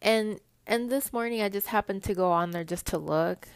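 A young woman telling a story to her viewers in a casual, animated rant, swearing freely as she gets heated. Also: mid-range voice, moderate pace, clear, resonant tone, dry recording. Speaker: vlogger.

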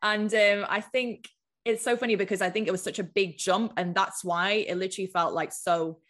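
A woman's voice: medium pitch, fairly even intonation, a little fast, fairly bright tone. A woman from the United Kingdom, a business mentor chatting casually as a podcast guest, filling her talk with "like". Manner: chatty, lots of filler "like".

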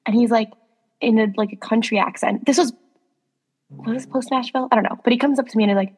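A young New York woman in her twenties, co-hosting a podcast, trades chatty, giggly stories heavy with "like" and laughter. Her voice is on the high side, quick and breathy-edged, echoing in a large hall.

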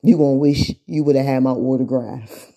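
A woman influencer talking casually and animatedly to her viewers, laughing often and mimicking what people will say about her. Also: sits low. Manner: animated, laughing often, mocking imitations of others. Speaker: social media influencer.

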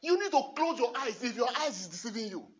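A husky-voiced male priest delivers a fervent homily in a church, dropping to near-murmurs and then rising to shouts, and repeating his phrases for emphasis. The recording sounds dull and lo-fi. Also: very high-pitched, big pitch swings, fast. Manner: emphatic, repeats phrases, swings from hushed to shouting, laughs often. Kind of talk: impassioned homily.

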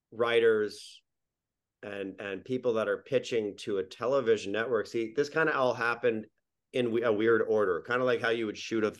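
A man from New Brunswick with a very deep, low voice talks as a podcast guest about his sitcom. He rambles along, restarting sentences and repeating words as he goes. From Miramichi, New Brunswick, Canada. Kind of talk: casual podcast interview.

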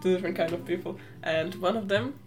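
A woman's voice: fairly low pitch, fast talker. Thoughtful woman hosting an interview. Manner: thoughtful, asks open questions. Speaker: podcast host. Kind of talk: casual interview. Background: guitar music.

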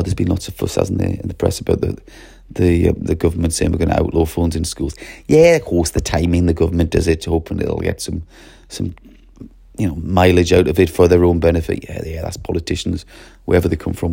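A middle-aged man talks to teachers with a gravelly, husky voice that swoops up and down expressively. His tone is mellow rather than bright, and the dry, close sound carries no room echo. He keeps the delivery animated, often slipping into character voices. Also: low-pitched, fairly quick. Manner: expressive, lively, acts out classroom voices. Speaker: teacher trainer. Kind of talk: animated training talk to teachers.

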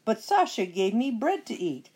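A skinny storybook dog speaks earnestly and helpfully, as a woman reading aloud gives it voice. The voice sits higher than usual and carries a slight huskiness. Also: very animated, normal speed, a little mellow, slightly rough. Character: skinny, grateful talking dog.

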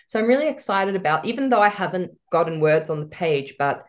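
A woman's voice: fairly low pitch, lively intonation, brisk. A woman with an Australian accent chatting casually as a podcast co-host, teasing and laughing often. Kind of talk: casual chat.

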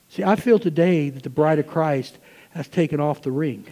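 A man preaching a sermon to his church, swinging between loud, fervent passages and hushed asides. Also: on the high side, moderate pace, long reverb tail. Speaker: pastor. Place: church sanctuary.

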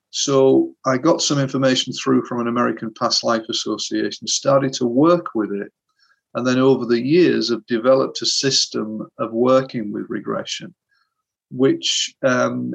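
A man's voice: mid-range voice, creaky, husky. A man who works as a hypnotherapist, earnestly recounting a session in an interview. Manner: earnest, vivid retelling. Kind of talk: storytelling in an interview.

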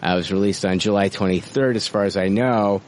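A man's voice: sits low, brisk, slight background noise. A man hosting a podcast in casual chat, profane and rambling, with many fillers. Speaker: podcast host.

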